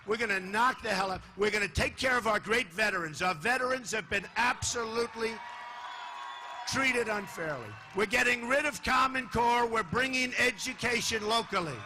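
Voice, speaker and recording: An older man giving a boastful, repetitive campaign rally speech in a large hall, dropping to low asides and rising to shouts. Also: moderate pace, background noise. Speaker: political candidate speaking at a rally. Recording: live hall recording with faint crowd ambience.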